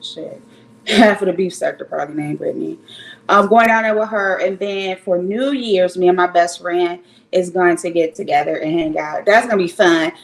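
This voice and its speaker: A woman's voice: on the low side, normal speed, vocal fry, low-quality recording. A woman livestreaming from home, chatting casually and frankly with her viewers, rambling and swearing now and then. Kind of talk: casual chat with live viewers. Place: home in Cleveland. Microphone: streaming setup at home.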